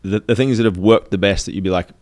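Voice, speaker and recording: A man's voice: on the low side, quick pace, darkish tone. A man hosting a podcast, asking long, easygoing questions full of fillers. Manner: easygoing, laughs along, rambling questions with fillers. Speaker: podcast host. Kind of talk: casual interview chat.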